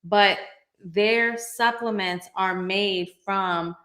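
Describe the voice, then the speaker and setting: A woman's voice: medium pitch, fairly even intonation, very slow, sharp tone. A woman co-hosting a casual livestream with her husband, chatty and reading out viewer comments. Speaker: host's wife and co-host.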